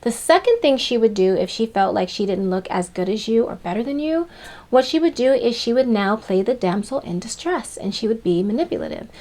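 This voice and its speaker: A chatty young woman talking straight to her viewers. She tells stories and gives advice with firm emphasis and a relaxed, conversational flow. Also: a little high, fairly quick. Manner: chatty and emphatic, laughs between points. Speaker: vlogger giving advice. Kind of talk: casual storytime and advice.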